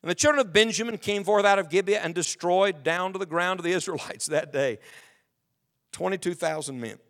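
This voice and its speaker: The sermon comes briskly from a pastor whose high voice has a fairly bright tone. Standing before his congregation in a church sanctuary, he reads King James scripture aloud and asks emphatic questions.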